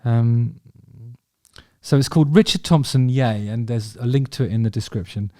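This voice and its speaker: Talking about songs he loves, a music vlog host from England rambles casually and eagerly, full of ums and restarts. His voice is mid-range and mellow at normal speed, with no echo and studio-quality sound.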